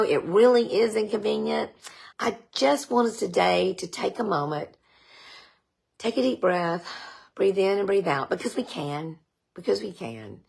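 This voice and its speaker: A middle-aged woman speaks in an earnest motivational way, circling back to repeat her key phrases. Her voice has a gravelly, husky edge and a middle pitch. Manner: earnest, repeats phrases for emphasis, lively storytelling. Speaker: motivational vlogger. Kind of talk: casual motivational talk.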